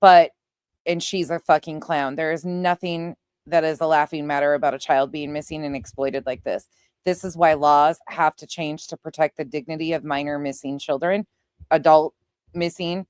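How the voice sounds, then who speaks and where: A woman's voice: deep voice, no room sound. A woman host doing heated commentary on clips, talking straight to her viewers and swearing as she reacts.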